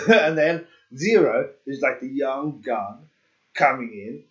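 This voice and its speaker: A man's voice: mid-range voice, expressive, slow pace, a bit bright, dull audio. A man streaming a game, chatting casually, rambling and joking and laughing at himself. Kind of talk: casual livestream chat.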